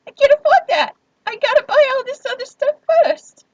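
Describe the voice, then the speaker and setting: A woman's voice: sing-song, normal speed, no room sound. A woman putting on a wailing, grief-stricken young woman. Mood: pleading. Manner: wailing, pleading, high and strained. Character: distraught young woman, grieving and broke. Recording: dull lo-fi stream audio.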